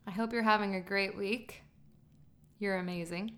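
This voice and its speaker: A woman's voice: mid-range voice, steady tone, moderate pace, fairly bright tone. A woman co-hosting a podcast, chatting casually with a friend in a gushing, giggly way. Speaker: podcast co-host. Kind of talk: casual chat.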